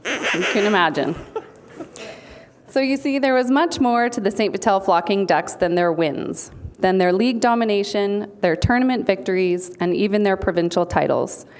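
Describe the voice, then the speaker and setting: A woman's voice: medium pitch, normal speed. Woman, mid-range voice, witty punning acceptance speech read from notes. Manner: playful punning delivery. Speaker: speaker accepting an award for a team. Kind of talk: humorous prepared speech. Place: banquet hall.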